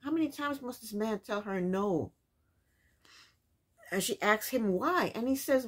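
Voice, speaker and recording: A woman's voice: on the high side, animated, measured pace, long pauses. A woman casually recapping a reality TV episode, with incredulous, opinionated commentary and rhetorical questions.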